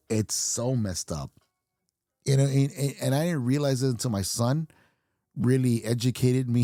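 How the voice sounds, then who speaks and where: A middle-aged man rants bluntly through his podcast monologue, cursing constantly and chuckling at his own lines. His voice is warm and mellow. The sound is dry, with no room echo. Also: mid-range voice. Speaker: podcast host. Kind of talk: profane ranting monologue.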